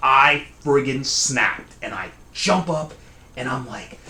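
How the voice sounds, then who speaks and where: A man telling his own scary story in a casual, conversational way, often pausing to ask "okay?". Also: medium pitch, animated, pushed and bright, echoey room. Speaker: storyteller host. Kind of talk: casual spoken horror storytelling.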